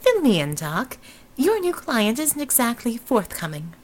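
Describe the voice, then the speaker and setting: Wisecracking tough heroine, a woman reading her, brash and slightly raised in pitch. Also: huge pitch swings, unhurried, full character voice. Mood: sardonic. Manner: sardonic, brash. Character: wisecracking retired superheroine, tough and sardonic.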